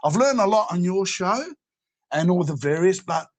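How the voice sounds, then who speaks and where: A man's voice: high voice, lively intonation, normal speed, a little mellow. A man with an Australian accent, a guest in a casual panel chat, rambling and laughing often.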